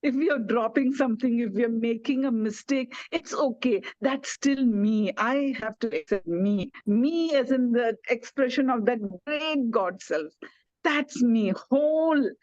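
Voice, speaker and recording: A woman from India speaks in a gentle, reassuring way, her voice a touch high. The video call audio is dull and lo-fi, with a dry sound close to the mic. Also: unhurried, no echo. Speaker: wellness speaker. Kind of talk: online talk to elders.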